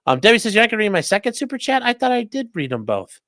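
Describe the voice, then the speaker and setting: A man's voice: high-pitched, very animated, rapid-fire, hardly any pauses, fairly bright tone, no room sound, clean studio sound. A man with a Great Lakes American accent hosting a casual livestream, rambling as he reads viewer comments aloud. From Midwestern United States. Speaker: livestream host. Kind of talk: casual livestream chat reading super chats.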